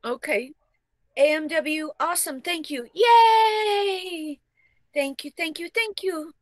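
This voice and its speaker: A woman's voice: high voice, unhurried, fairly bright tone, no echo. A woman co-hosting a casual show, reading out tips with upbeat thanks and dry comebacks. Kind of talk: casual chat.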